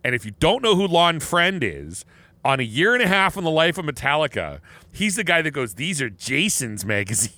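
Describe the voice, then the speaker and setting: A man chats on a podcast in a bright, forward voice, wandering through his thoughts with plenty of false starts. The sound is dry and close, with no room around it. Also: on the high side, big pitch swings, a little fast, no room sound. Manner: rambling, with many false starts. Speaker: podcast co-host. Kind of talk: casual chat.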